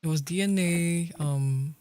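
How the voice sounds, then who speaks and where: A man's voice: fairly high pitch, a little slow, darkish tone, a little hiss or hum. A man chatting casually and playfully with his viewers while streaming a game, swearing lightly and laughing often. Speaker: livestreamer. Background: faint background music.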